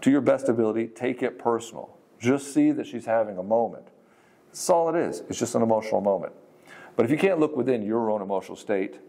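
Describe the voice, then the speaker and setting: A man's voice: fairly low pitch, creaky, dark tone. A man giving frank, conversational relationship advice, swearing casually and acting out what partners say. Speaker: dating and relationship coach. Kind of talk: casual advice monologue to the camera.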